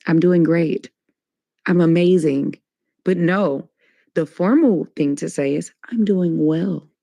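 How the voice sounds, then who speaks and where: A woman on a discussion panel, talking casually in an animated, sarcastic and emphatic way. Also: fairly low pitch, slow pace, creaky, no echo. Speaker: debate panelist.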